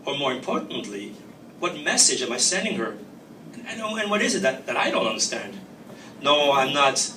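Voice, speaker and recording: A man's voice: mid-range voice, big pitch swings, normal speed, bright, forceful tone, slight background noise. A man reading his own fiction aloud in wry, reflective first-person narration at a live reading. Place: reading venue. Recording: roomy, distant mic, faint ambience.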